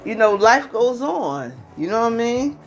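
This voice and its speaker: A woman's voice: fairly high pitch, sing-song, moderate pace, soft background music. Chatty fifty-year-old woman vlogging. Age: 50s. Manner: chatty, rambling, constantly asks "you know what I mean". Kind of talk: casual vlog monologue.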